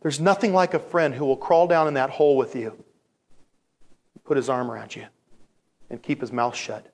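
A male pastor preaching a sermon in an animated storytelling manner, acting out voices and repeating phrases for emphasis. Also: mid-range voice, normal speed.

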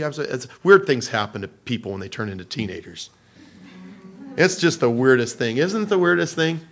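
A man's voice: medium pitch, vocal fry. A middle-aged man preaching a sermon in a folksy storytelling way, often laughing at his own stories. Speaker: pastor.

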